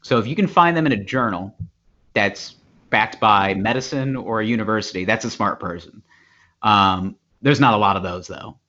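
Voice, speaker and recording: A man co-hosting a casual podcast, rambling and animated, slipping into voices as he retells stories. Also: fairly low pitch, normal speed. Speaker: podcast co-host. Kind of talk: casual chat. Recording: dull lo-fi podcast audio.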